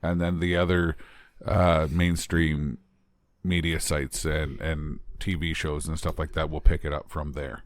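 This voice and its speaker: A wry, chatty man co-hosting a true-crime podcast. His voice sits very low, and he tosses in quick quips. The sound is close and dry. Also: little pitch movement, no room sound. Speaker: podcast co-host.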